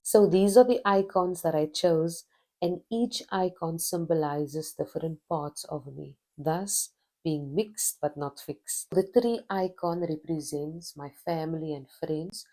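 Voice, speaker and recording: A woman's voice: low voice, mellow. A woman from Cape Town with a Cape Town South African accent, playfully introducing herself in a casual vlog. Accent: Cape Town South African English.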